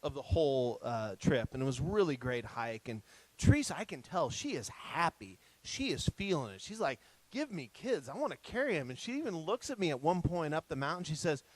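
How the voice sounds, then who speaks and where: A man's voice: on the high side, brisk, no room sound, poor audio. Man telling funny family stories. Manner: lively anecdotal storyteller. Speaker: guest speaker. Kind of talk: humorous family storytelling talk. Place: retreat center talk.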